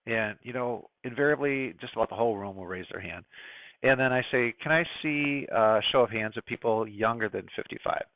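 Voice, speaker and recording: A man's voice: medium pitch, a little fast, vocal fry, no room sound. A middle-aged man from the United States giving a casual, opinionated presentation to a ham radio club, full of fillers and asides. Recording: dry, phone-like narrow sound.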